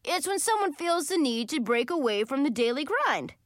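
Easygoing adult uncle, matter-of-fact and lively, voiced by a woman narrator. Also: sits high, moderate pace, no echo, clean studio sound, pitched above the performer's own voice. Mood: explaining. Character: laid-back easygoing uncle, adult man.

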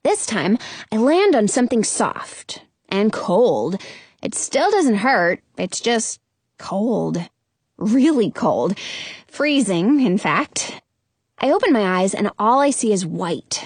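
A woman narrating a first-person children's story aloud, expressive and quick to burst into excited exclamations. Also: medium pitch, husky, no echo. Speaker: audiobook narrator.

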